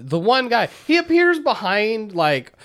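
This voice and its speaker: A man on a casual podcast retells a video game's story, slipping in quick put-on quotes between sarcastic, profanity-laced asides. His voice sits slightly high for a man. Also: sing-song, fairly bright tone. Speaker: podcast co-host. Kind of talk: casual chat recapping a game plot.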